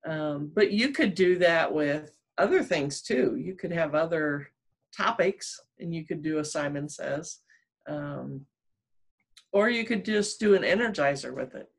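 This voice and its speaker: A woman with a notably low voice joins a video call as a guest trainer. She pauses often, searching for her words and filling the gaps with ums. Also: lively intonation, creaky. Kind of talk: casual video-call interview.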